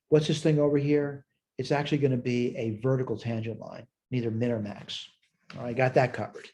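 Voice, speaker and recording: A man's voice: mid-range voice, dark tone. A man teaching a college math lesson, thinking aloud as he works through problems in a chatty, self-deprecating way. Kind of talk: recorded math lecture.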